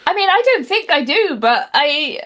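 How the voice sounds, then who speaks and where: Woman, fairly high pitch, dry wit, halting conversational guest. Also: big pitch swings, a bit bright. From Britain. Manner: dry, wry humor with many fillers and restarts. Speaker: guest commentator. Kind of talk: casual interview chat.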